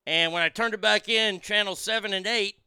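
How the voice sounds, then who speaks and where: Gravelly, bright-voiced male show host. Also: sits high, fairly even intonation, a little fast, no room sound. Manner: rambling, irreverent and profane. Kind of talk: casual solo show monologue. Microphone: studio mic through a mixing board.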